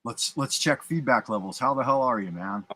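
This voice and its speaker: A man's voice: mid-range voice, normal speed, sharp tone, dry recording. A man hosting a livestream, chatting casually, joking and swearing. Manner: joking, profane, stumbles over words. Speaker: livestream host. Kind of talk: casual chat.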